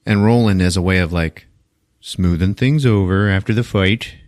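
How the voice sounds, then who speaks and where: A man's voice: low-pitched, moderate pace, darkish tone, dry recording, clean studio sound. A man hosting a podcast, recapping a movie in a laid-back, swearing, laughing way. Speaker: podcast host.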